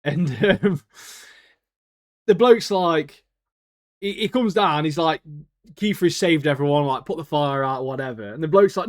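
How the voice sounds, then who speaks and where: Man, podcast co-host, slangy and excitable, voice sits on the high side. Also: moderate pace. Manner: laughs often, slangy and excitable. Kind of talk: casual chat.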